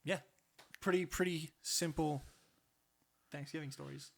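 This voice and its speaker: A man's voice: a little high, steady tone, measured pace, creaky. A young man co-hosting a podcast, chatting casually with a laid-back, dry manner. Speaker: podcast co-host. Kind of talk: casual chat.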